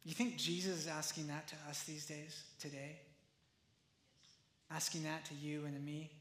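A man pastor preaching a sermon in a conversational, animated way, often acting out the quotes. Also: on the high side, normal speed, echoey room.

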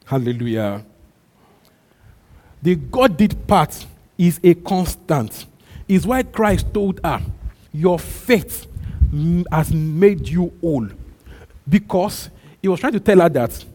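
A man's voice: on the high side, lively intonation, takes it slowly, long pauses, darkish tone. Man preaching in a reverberant hall. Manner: emphatic preaching with repetition and call-and-response. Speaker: pastor. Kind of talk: sermon. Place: church.

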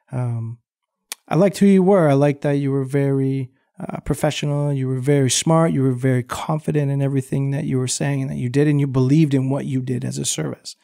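A man's voice: mid-range voice, vocal fry, mellow, no echo, studio quality. A man hosting an interview, asking rambling, encouraging questions with plenty of "um"s. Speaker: interviewer host. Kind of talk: casual interview.

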